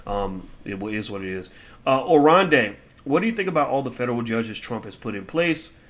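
Answering viewer questions in casual opinion commentary, this middle-aged man is animated, blunt and heated, lurching from loud outbursts to low mutters at a slightly fast pace.

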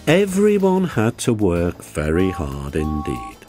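A man reads a toy train story aloud, slow and measured, his lowish voice rising and falling with plenty of expression. Faint music plays underneath. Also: wildly swooping pitch. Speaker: narrator. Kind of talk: storybook narration.

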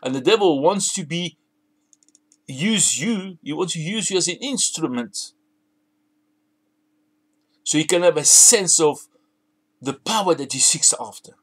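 A man preaches a sermon with a voice sitting a little higher than most men's. He presses his points emphatically, circling back and repeating phrases as he goes. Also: expressive, a little slow, long pauses, slightly rough.

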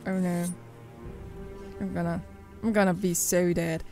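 A young woman hosting a let's play, reacting excitably, exclaiming and talking back to the game as she plays. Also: lowish voice, unhurried, soft background music, poor audio. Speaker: gaming channel host.

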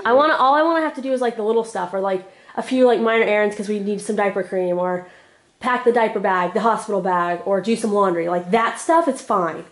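A woman's voice: mid-range voice, brisk. A young woman from Oklahoma chatting casually to the camera at home, full of fillers, with a cold and a hacking cough. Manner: chatty, filler-heavy storytelling. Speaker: family vlogger. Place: family home, indoors.

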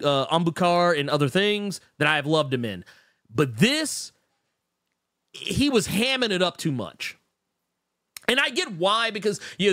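A man co-hosting a casual podcast chat, talking in quick bursts with many stammered restarts and reading out viewer comments. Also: fairly high pitch, fairly bright tone, no echo, clean studio sound. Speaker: podcast co-host.

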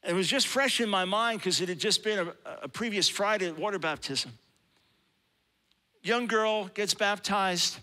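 A man's voice: high voice, measured pace, pushed and bright. A man preaching a sermon, telling a story with animation and acting out the people he quotes. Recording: long hall reverb.

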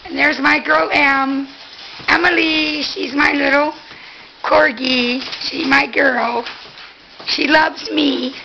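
A woman's voice: sits high, fairly even intonation, takes it slowly, gravelly, bright, forceful tone, slight background noise, poor audio. A woman filming at home and cooing baby talk to her pet dogs. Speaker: pet owner. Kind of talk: home video talking to her pets.

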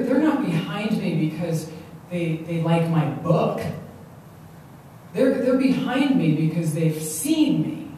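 A woman gives an animated motivational talk, often repeating herself. Her voice is mellow and sits at a middle pitch. It comes from a distance in a very echoey hall, with faint noise behind. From Long Island, New York. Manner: animated, repeats words, acts out quotes. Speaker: stress management speaker.

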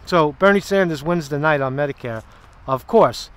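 High-pitched male vlogger, walking-and-talking political rant outdoors, loose and profane. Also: expressive, normal speed, clear, resonant tone, dry recording. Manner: rambling, profane, sarcastic asides. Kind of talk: casual political commentary.

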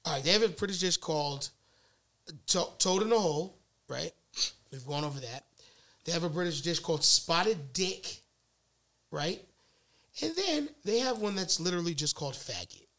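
Male podcast co-host, loud and laughing, with a bright, fairly high voice. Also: lively intonation, normal speed, pauses often. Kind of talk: casual comedic banter.

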